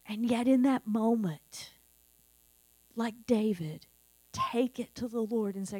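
A woman's voice: on the high side, slow pace, long pauses, dark tone, no echo. A middle-aged woman pastor preaching a sermon in an earnest, conversational way, repeating key phrases. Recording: dry with faint mains hum.

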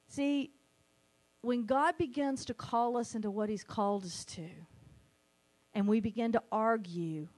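A woman preaching a sermon, animated, sometimes acting out the voices she quotes. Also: on the high side, unhurried, long pauses.

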